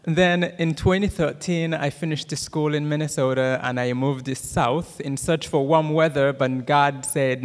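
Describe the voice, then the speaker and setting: A man in his thirties from Rwanda with a Rwandan accent gives a church testimony and prayer, talking fast with many "uh" fillers and jokes with the audience. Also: medium pitch, steady tone. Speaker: guest speaker giving a testimony. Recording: long hall reverb.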